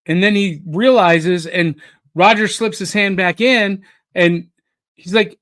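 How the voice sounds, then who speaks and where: A man hosting a podcast, telling stories in a measured, conversational way. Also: high-pitched, steady tone, a bit bright. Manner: measured, storytelling. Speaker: podcast host. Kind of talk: casual chat.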